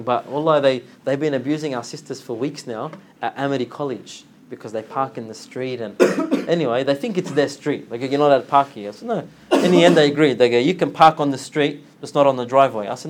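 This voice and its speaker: A man giving an informal religious talk, telling a story with lively acted-out dialogue and frequent laughter. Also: medium pitch, fast, hardly any pauses, a little hiss or hum. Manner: animated storytelling, acts out dialogue, laughs often. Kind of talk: informal religious lesson with anecdote.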